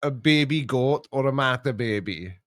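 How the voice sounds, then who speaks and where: A man's voice: medium pitch, expressive, normal speed, no echo, clean studio sound. A middle-aged man chatting as co-host, rambling and hesitant, teasing his son. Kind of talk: casual chat.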